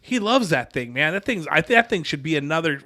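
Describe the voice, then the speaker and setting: Podcast co-host, man, 40s, slightly high, bright voice, rambling storyteller who restarts his sentences. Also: big pitch swings, fairly quick. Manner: rambling, self-correcting anecdote with quoted dialogue. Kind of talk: casual storytelling chat.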